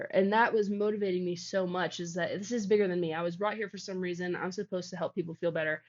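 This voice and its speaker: A young woman shares her story as a guest in a relaxed interview, rambling along and leaning on "like" as she goes. Her voice sits at a medium pitch for a woman. The recording sounds somewhat dull and lo-fi. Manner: rambling, heavy use of "like". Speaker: guest, founder of a healing practice. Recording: dull lo-fi audio.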